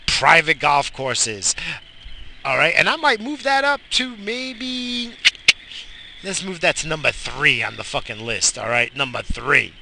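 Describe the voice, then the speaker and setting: A man sits behind the wheel of his car and rants about the road, swearing freely and breaking into loud bursts. His voice is gravelly with fry and has a hard, piercing brightness. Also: fairly high pitch, slight background noise. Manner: profane, ranting, shouts in bursts. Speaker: vlogger. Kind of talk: profane driving rant.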